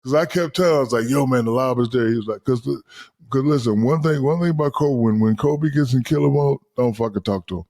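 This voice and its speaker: Husky-voiced man telling profane stories. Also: mid-range voice, quick pace. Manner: animated, profane, acts out quotes. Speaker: guest, retired basketball star. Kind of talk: casual storytelling.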